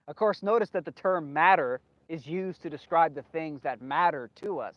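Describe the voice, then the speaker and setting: A man's voice: fairly high pitch, normal speed, hardly any pauses, dry recording. Rambling man in a dull, dry recording. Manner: emphatic, repeats himself, loses his train of thought. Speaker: video host. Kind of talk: rambling solo monologue.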